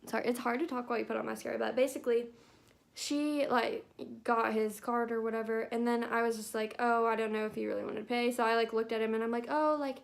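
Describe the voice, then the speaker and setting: A young woman talks while she does her makeup at home. Her voice sits a little high and has a lot of vocal fry. She rambles through casual stories and fills them with constant "like"s. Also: fairly even intonation, quick pace. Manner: chatty storytelling full of "like" fillers. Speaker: beauty vlogger. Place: at home, not in her bathroom.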